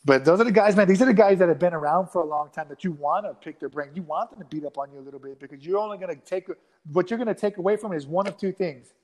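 A man in his thirties telling a rambling, animated story in a casual interview, acting out quotes with many restarts. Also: high-pitched, very fast. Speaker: guest fighter.

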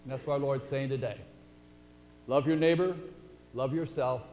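A man's voice: medium pitch, steady tone, moderate pace, a little mellow. A man preaching a sermon in a folksy, conversational storytelling manner. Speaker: pastor. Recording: echoey hall, faint hum.

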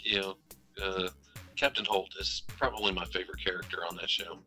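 Low-ish guy with a really bright sharp voice, hesitant, music faint behind. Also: little pitch movement. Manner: hesitant, halting with fillers. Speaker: podcast co-host. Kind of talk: casual chat.

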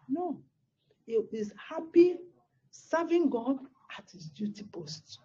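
A woman's voice: high-pitched, sing-song, slow, dark tone, highs cut off. A woman pastor, telling a personal testimony in a sermon with exclamations and repeated words.

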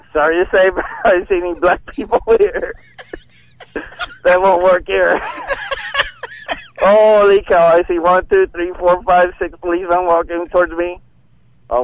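Man, high voice, excitable and rambling, calling from outside a concert, dull lo-fi phone line. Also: measured pace, long pauses. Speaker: caller. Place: outdoors leaving a concert.

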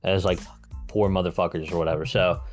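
Give me a man co-hosting a movie podcast, loose and rambling, with soft music under him. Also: sits low, steady tone, fairly quick. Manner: rambling, filler-heavy and profane. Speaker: podcast co-host reviewing films. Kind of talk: casual chat.

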